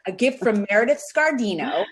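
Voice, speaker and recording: A woman's voice: medium pitch, very animated, brisk. A woman actress talking as a guest in an interview, rambling and giggly. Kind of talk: casual chat.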